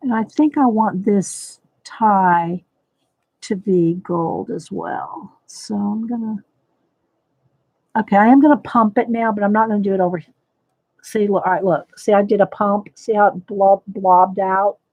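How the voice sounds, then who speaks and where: A woman's voice: mid-range voice, a little slow, darkish tone, no echo. A woman hosting a casual live coloring tutorial, thinking aloud as she works and greeting viewers by name. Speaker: livestream host demonstrating coloring.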